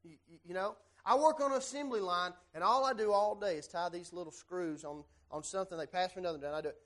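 A man leads a church Bible class in a high, lively voice. He is animated and keeps turning to the class with direct questions. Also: fast.

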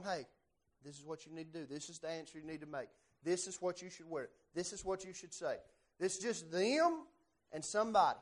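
A man leads a church Bible class in a high, lively voice. He is animated and keeps turning to the class with direct questions.

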